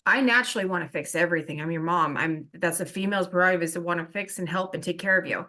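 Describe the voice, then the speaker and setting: Speaking quickly with few pauses, a middle-aged woman chats on a group video call in a fairly low, pushed, bright voice. She wanders from story to story, performing the characters and voicing what they said.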